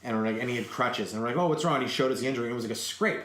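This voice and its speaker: A man's voice: mid-range voice, very fast, a bit bright, reverberant. A young man from Canada co-hosting a podcast, telling crude rambling stories in casual chat and laughing often. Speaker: podcast co-host.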